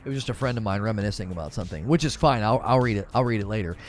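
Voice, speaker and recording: A man's voice: lowish voice, expressive, very fast, faint music behind. A man hosting a live gaming stream, reading chat messages and arguing his views with rhetorical questions. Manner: opinionated, explains with rhetorical questions.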